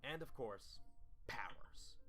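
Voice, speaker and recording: Man, low and animated narrator, methodical explainer, music bed underneath. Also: slow. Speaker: video narrator explaining game rules. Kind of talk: scripted narration. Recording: narration over background music.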